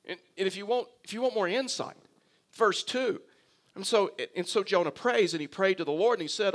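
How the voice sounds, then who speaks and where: Casting note: middle-aged man with a high voice, a pastor giving a conversational sermon with dry humor. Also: a little fast. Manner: conversational storytelling, wry humor; animated, voices imagined dialogue with Jonah.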